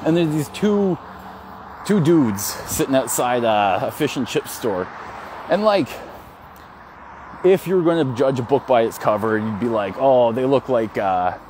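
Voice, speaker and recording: A man's voice: mid-range voice, lively intonation, measured pace, a little mellow, slight background noise. A man vlogging while walking his dogs down a city street, telling a story frankly and with feeling, with swearing and restarts, into a phone he holds. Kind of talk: casual walk-and-talk vlog.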